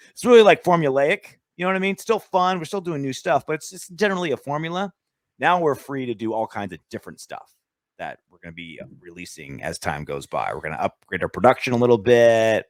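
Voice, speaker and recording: A man's voice: mid-range voice, no room sound. Guy hosting a sports podcast, rambly and jokey, super dry close sound. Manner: joking, rambling, crude banter. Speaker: podcast co-host. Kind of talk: casual sports chat.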